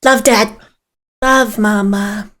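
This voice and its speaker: A woman's voice: mid-range voice, fairly even intonation, slow pace, a bit bright. A woman voicing a tiny clingy kitten that speaks in choppy two-word baby talk. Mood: babyish.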